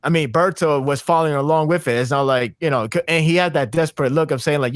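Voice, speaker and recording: A man talking casually on a podcast, excitable and rambling, with frequent restarts and fillers. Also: on the high side, fast talker, few pauses, no echo, studio quality. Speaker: podcast co-host.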